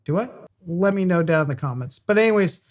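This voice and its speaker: A woman's voice: lowish voice, animated, a little fast, a little mellow. An American woman hosting a reaction video, joking around bluntly and swearing casually. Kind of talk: casual chat.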